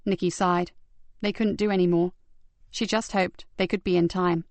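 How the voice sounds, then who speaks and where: A woman narrating a crime thriller audiobook in a steady, measured storytelling manner. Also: on the low side, no room sound. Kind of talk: scripted crime novel narration.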